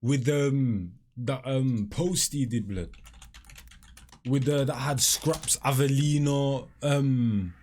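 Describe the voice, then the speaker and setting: A man's voice: mid-range voice, slow, darkish tone, slight background noise. A young man, reacting to music in chatty commentary full of street slang. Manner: chatty, heavy street slang, frequent fillers. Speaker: music reaction channel host.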